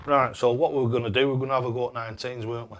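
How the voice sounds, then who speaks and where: A man's voice: medium pitch, rapid-fire. A young man hosting a live stream, chatting casually and thanking viewers by name. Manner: cheery, excitable.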